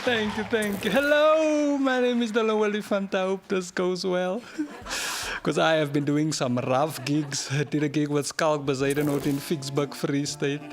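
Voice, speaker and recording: A South African man doing a stand-up comedy set with deadpan, self-mocking punchlines. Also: fairly high pitch, normal speed, crowd noise. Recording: music playing behind.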